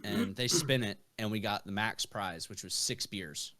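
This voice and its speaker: A man's voice: on the low side, a little slow, bright, forceful tone. A young man who is a podcast guest, telling rambling anecdotes full of fillers and swearing. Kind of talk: casual storytelling.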